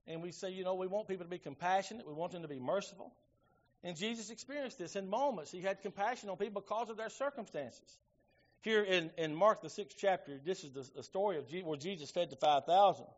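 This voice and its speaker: A man's voice: sits high, lo-fi sound. A middle-aged man, preaching a sermon in a folksy storytelling way. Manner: folksy storytelling with Southern phrasing. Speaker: pastor.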